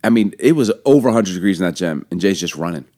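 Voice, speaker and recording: A man's voice: low-pitched, lively intonation, quick pace, mellow. A man in his thirties co-hosting a podcast, playful and teasing, laughing often in casual banter. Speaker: podcast co-host.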